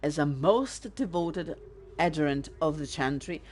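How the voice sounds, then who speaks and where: A woman's voice: low-pitched, lively intonation, unhurried, a little mellow. A woman reading out a pompous devout prince. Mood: formal, lofty. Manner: formal, grand letter reading. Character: pompous devout young male prince writing a letter.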